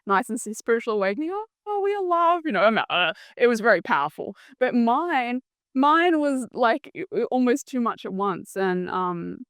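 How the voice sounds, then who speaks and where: A woman's voice: a little high, lively intonation, normal speed, a bit bright, dry recording, studio quality. A woman guest in an interview, telling her story in an earnest, reflective way, searching for words.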